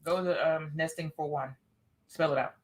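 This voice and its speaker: A woman's voice: sits low, fairly even intonation, normal speed. A woman co-hosting a casual film discussion podcast, chatty, laughing often and talking straight to viewers. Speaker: podcast co-host.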